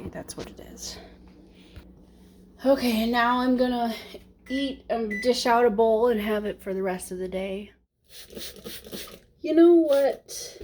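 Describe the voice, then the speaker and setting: Slightly breathless, a young vlogger chats to the camera in a rambling cooking vlog, talking to herself as she cooks. She has a fairly high, mellow voice, with a bit of background noise.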